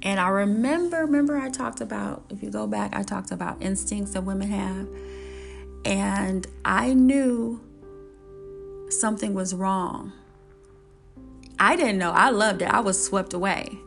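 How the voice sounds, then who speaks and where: A woman with a gravelly, creaky edge recounts a personal story in an earnest monologue. She circles back over her own phrases and slips into the voices of past conversations. Faint music plays underneath. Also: medium pitch, a little slow. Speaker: speaker sharing her life story.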